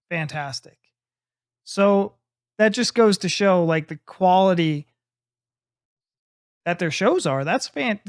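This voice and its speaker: A man's voice: high voice, no echo, studio quality. A man, a drummer, giving casual and enthusiastic reaction commentary on a live music video. He rambles loosely and admits he is ranting. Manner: loose and talkative, full of fillers like "you know" and "like".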